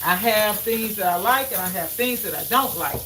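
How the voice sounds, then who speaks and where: A woman's voice: medium pitch, normal speed, a bit bright, a little hiss or hum. A woman hosting a live cooking demonstration in her kitchen, chatting to viewers and repeating her phrases for emphasis. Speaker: cooking show host. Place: home kitchen. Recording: roomy, distant from the mic.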